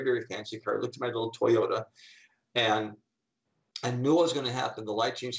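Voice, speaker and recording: A middle-aged man, a coach and speaker, telling animated anecdotes in an interview and acting out the people he quotes. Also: medium pitch, low-quality recording. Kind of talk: storytelling in an interview.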